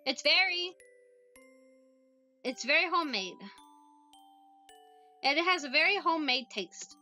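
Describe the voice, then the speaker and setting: Woman reading as a young witch girl, high lively voice, formal and careful, polite, visual novel character. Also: unhurried, soft background music, full character voice. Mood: tactful.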